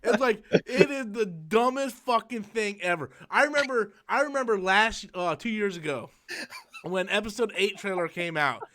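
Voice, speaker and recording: High-voiced man ranting and cursing. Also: lively intonation, moderate pace, bright, forceful tone. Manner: profane, ranting, mocking, with mimicked quotes. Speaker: channel host. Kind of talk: casual live-stream chat.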